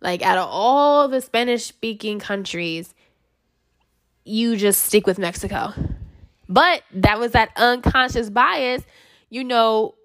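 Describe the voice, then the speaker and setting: A woman's voice: a little high, animated, slow pace, a bit bright. A woman sharing a personal story in a casual, chatty way, full of fillers and self-corrections. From United States. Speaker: speaker sharing personal experience.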